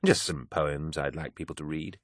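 A vain male poet, guarded and careful with his words, in a very low voice, as a man plays him. The sound is dry and close, with no room around it. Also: steady tone, moderate pace, dry recording.

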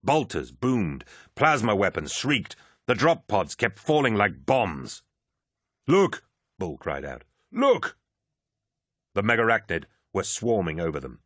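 A male narrator with a lowish voice reads a battle-heavy science fiction audiobook. His delivery is dramatic and lively, swooping through a wide pitch range, recorded dry and close with no room sound. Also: slightly rough, no echo. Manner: dramatic, vivid action reading.

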